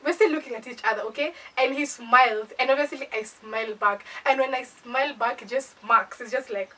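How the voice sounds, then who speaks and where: A woman's voice: fairly high pitch, brisk, recorded from a distance, low-quality recording. A young Kenyan woman with a Kenyan accent, animatedly telling a playful storytime in a casual chat. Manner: animated, playful, dramatizes with acted asides.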